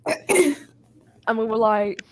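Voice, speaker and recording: A woman telling an animated, sweary story in a casual live chat. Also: a little high, very slow, slight background noise. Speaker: guest.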